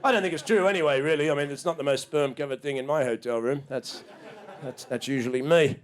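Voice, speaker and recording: A man's voice: quick pace, background noise. Ranting sweary man doing stand-up. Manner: acts out other people in sudden high shouts. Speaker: stand-up comedian. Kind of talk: stand-up comedy routine. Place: small comedy club stage with a live audience.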